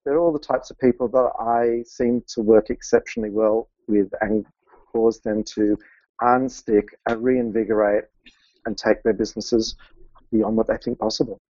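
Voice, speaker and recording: A man's voice: lowish voice, steady tone, moderate pace, mellow, no room sound, dull audio. Earnest middle-aged man, dry sound. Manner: earnest, laughs often, openly emotional. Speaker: podcast guest, business mentor. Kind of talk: conversational interview.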